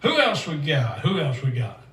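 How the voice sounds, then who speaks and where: A man hosting a gospel country livestream, chatting in a folksy, rambling way and reading out viewers' names while a little excited and sweaty. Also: fairly high pitch, moderate pace. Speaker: host and singer of a gospel country show. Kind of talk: livestream chat between songs. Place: standing up in a room. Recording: roomy echo, distant mic, guitar music.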